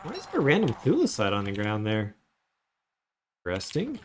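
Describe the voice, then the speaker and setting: Chatty man streaming a game, lively pitch. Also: brisk, slight background noise. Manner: chatty, rambling asides while playing. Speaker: gaming streamer. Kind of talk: casual livestream commentary.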